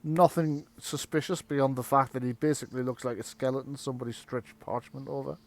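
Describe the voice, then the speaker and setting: A man's voice: mid-range voice, fairly even intonation, fairly quick. A man narrating a tabletop game as game master, playful and often chuckling.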